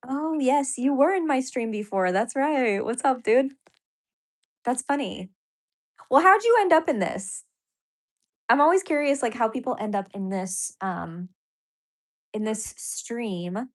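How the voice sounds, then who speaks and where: A woman's voice: fairly high pitch, animated, measured pace, long pauses. A woman hosting a casual live stream, chatting loosely with viewers, reading their comments aloud and laughing often. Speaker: livestream host.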